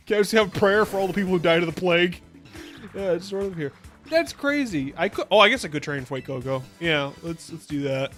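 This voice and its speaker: Soft music plays behind this VTuber streamer, whose high-pitched voice is expressive, brisk, and a bit bright. His let's-play commentary on the video game is casual, with rambling jokes and laughter breaking out often.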